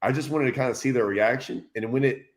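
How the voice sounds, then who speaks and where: A man's voice: mid-range voice, fast. Laughing man telling a story. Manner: animated storyteller, acts out quotes, laughs often. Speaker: fishing channel host. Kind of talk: casual chat, storytelling.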